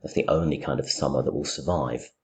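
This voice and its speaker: A man's voice: extremely low pitch, steady tone, brisk, darkish tone. A middle-aged man teaching a poetry commentary, thinking aloud with many fillers and restarts. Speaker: English literature teacher. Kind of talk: recorded lecture, poetry commentary.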